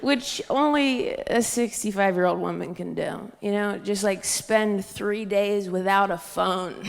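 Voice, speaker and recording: A young woman doing stand-up in a live room with a long, ringing hall echo. Her voice carries a gravelly, creaky texture, and she tells her stories deadpan, jumping into high squeaky voices for the people she quotes. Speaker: stand-up comedian. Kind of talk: stand-up set. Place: live comedy stage, audience laughter. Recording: live stage mic in a hall.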